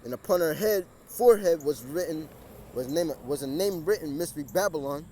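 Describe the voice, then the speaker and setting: A man with a fairly high, darkish voice speaks quickly and with lively intonation. He preaches and reads scripture outdoors beside a busy street, repeating himself, restarting his words in a stumbling way, and raising his voice over the passing cars.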